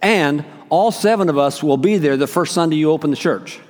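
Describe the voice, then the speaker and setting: A pastor telling a personal story in a sermon, acting out each quoted exchange. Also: male voice, on the high side, brisk, background noise. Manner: animated storyteller, acts out quoted dialogue. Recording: long reverb of a large hall.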